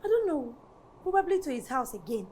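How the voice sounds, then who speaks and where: A woman's voice: sits high, very animated, fairly quick, warm tone. A woman playing a jealous Nigerian daughter. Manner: petulant and complaining. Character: jealous young daughter, petulant and resentful. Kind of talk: Nollywood film acting.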